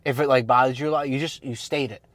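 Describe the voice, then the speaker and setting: A men's self-improvement coach gives a casual advice monologue to other men, talking fast in a steady, mid-range voice. He's blunt and slangy, leaning heavily on fillers like "like" and "you know." There's no room sound on the recording.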